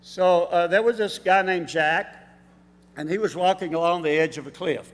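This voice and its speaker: A man filling in as preacher, giving a measured, explanatory sermon with pauses in a church sanctuary. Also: high-pitched. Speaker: substitute preacher. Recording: reverberant church hall.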